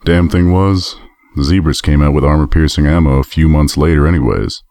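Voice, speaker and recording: A battle-worn armored stallion veteran, played by a man, with a voice sunk very low and flat-footed weariness in every line. He speaks matter-of-factly, and the recording is bone-dry and close, with no room around it. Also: a little fast, dry recording. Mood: grim, reminiscing. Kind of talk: audio drama acting.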